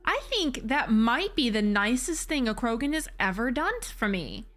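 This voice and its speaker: A woman's voice: a little high, very animated, normal speed, fairly bright tone. A woman streaming a video game, talking casually and animatedly, swearing freely. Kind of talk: casual let's-play commentary.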